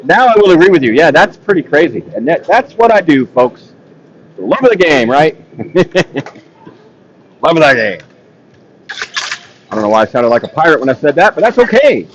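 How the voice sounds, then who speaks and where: His voice is on the high side, fast and sing-song, on a rough recording with a little hiss or hum. He's a play-by-play man calling ball hockey live from beside the rink, talkative, self-deprecating, and often laughing.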